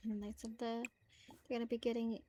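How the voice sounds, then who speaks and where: A woman's voice: on the high side, level tone, brisk, darkish tone, slight background noise. A woman narrating her life-sim gameplay as a casual story, chatty and full of "like" and "um.". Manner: chatty, filler-heavy with frequent "like". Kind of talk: casual let's-play storytelling.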